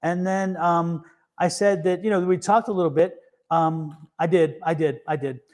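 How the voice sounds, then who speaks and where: Man, tarot host, high voice, rambling, chatty, laughs a lot. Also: fairly even intonation, moderate pace, a little mellow. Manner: rambling storyteller with many restarts and fillers; laughs easily. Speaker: tarot reader and show host. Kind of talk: casual live-stream chat.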